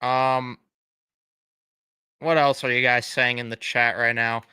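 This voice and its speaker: Bright, clear-voiced young man ranting. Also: medium pitch, little pitch movement, slow, no echo. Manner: blunt, swearing, sarcastic mock apologies. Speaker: fan live streamer. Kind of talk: casual live stream rant.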